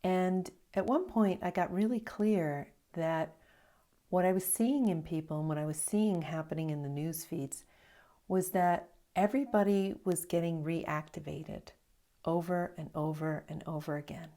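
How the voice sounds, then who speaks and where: Mellow-voiced woman meditation teacher. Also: lowish voice. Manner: slow, reflective storytelling with soft hushed asides. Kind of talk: evening dharma talk.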